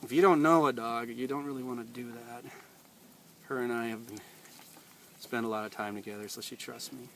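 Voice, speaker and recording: A man working as a dog trainer, explaining an outdoor training session in a relaxed way and chatting to the dog. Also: medium pitch, a little fast. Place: outdoors in a field by water. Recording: distant outdoor mic with noise.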